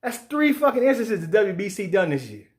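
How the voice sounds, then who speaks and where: A fired-up man rants about boxing, swearing freely. His voice sits high for a man. He keeps slipping into mocking put-on voices for the people he quotes. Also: fairly quick. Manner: profane, animated, acts out quoted voices. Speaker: sports show host. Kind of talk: heated boxing commentary rant.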